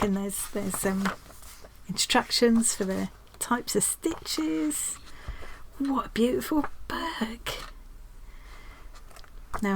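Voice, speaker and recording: A woman hosting a craft channel, chatting casually and excitedly as she opens mail in her craft room. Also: mid-range voice, gravelly, slight background noise. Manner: chatty and excitable, gasping and laughing often. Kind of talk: casual chat while unboxing mail.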